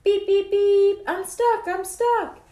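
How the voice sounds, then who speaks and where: A woman's voice: extremely high pitch, a little slow, voice pushed up. A woman voicing a small, friendly male truck in a children's storybook reading, recorded in an echoey room. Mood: panicked. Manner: eager and chirpy, cries out.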